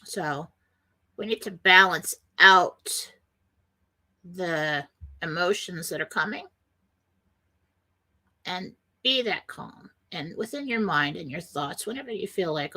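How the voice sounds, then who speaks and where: Middle-aged woman host, bright clear voice, earnest and meandering, reassuring self-help talk. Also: lowish voice, lively intonation, takes it slowly, pauses often. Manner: earnest, rambling, quotes panicked voices. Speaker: radio show host.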